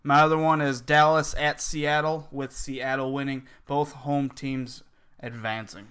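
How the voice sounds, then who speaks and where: A man on a casual sports podcast panel, brisk and to the point. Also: medium pitch, flat delivery, fairly bright tone, clear, resonant tone.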